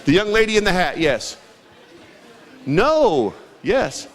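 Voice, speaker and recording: Man emcee, high and lively voice, unhurried, joking with a crowd at a community cook-off quiz. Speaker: event emcee. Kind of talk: trivia quiz hosting at a community event. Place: large indoor hall with a crowd.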